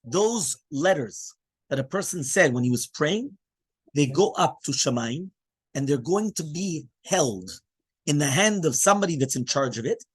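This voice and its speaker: A man, a rabbi, giving a lively Torah class in English mixed with Hebrew terms. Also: on the high side, breathy edge. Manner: animated teaching, mixing English with Hebrew terms.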